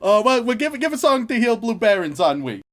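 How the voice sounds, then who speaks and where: A man's voice: very high-pitched, big pitch swings, a little fast, fairly bright tone. A man co-hosting a podcast in casual comedic chat, teasing his partner as he runs a game segment. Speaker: podcast co-host.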